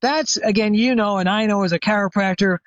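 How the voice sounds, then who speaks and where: A man's voice: high-pitched, brisk, dry recording, muffled recording. An older man, a retired chiropractor, telling a long anecdote as a guest expert in an interview, with many fillers and restarts. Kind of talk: conversational storytelling interview.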